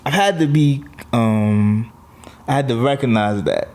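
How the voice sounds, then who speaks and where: A man's voice: medium pitch, measured pace, darkish tone. Blunt New York comedian man, casual. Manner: blunt, laughs while telling stories. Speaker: comedian guest. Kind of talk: casual chat.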